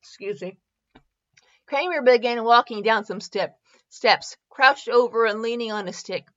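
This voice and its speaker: A woman's voice: on the high side, unhurried, no echo. A woman reading a comic fanfiction aloud, giggling and stumbling over words, on a slightly dull recording. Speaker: fanfiction reader.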